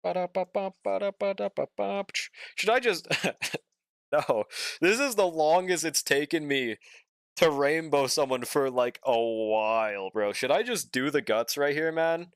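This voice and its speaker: A man's voice: fairly high pitch, lively intonation, a little slow, smooth, dry recording, clean studio sound. A young man streaming a game, chatting casually with viewers and swearing often, and sounding a bit sleepy. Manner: laid-back, drawling, swears often, reads and answers chat. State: yawning, sleepy. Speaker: gaming streamer. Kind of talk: casual live-stream chat while playing.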